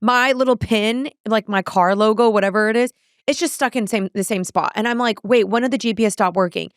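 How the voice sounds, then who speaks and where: A young woman hosting a podcast, telling a frantic everyday story in a casual, animated way, acting out her own reactions and peppering her talk with "like.". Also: a little high, brisk, clear, resonant tone, no echo, studio quality. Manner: animated, breathless retelling with acted-out inner quotes; fillers "like" throughout. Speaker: podcast host.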